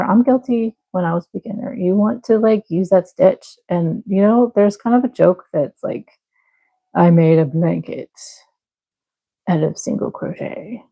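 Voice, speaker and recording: A woman from the Midwest chatting with her live viewers while she crochets, her voice mellow and warm with a gravelly edge. She rambles a little, apologizes often and laughs softly between thoughts. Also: lowish voice, rough recording. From American Midwest. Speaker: crochet livestream host.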